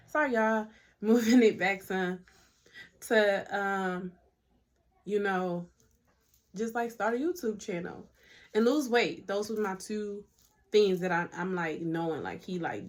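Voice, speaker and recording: A young woman sharing a heartfelt faith testimony to her phone camera at home, chatty, speaking to viewers as y'all and sometimes near tears. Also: mid-range voice. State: emotional, near tears at times. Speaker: vlogger.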